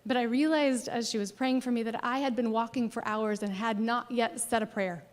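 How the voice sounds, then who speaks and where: A woman pastor preaching a sermon, telling a personal story expressively and dropping at times to a soft near-whisper. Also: a little high, steady tone, normal speed. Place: church sanctuary. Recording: long church hall reverb.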